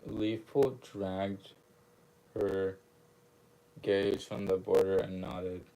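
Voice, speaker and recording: A man's voice: deep voice, little pitch movement, very slow, warm tone, poor audio. A young man casually reading a book aloud with commentary, stumbling over words, correcting himself and laughing at his own slips. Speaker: channel host reading aloud.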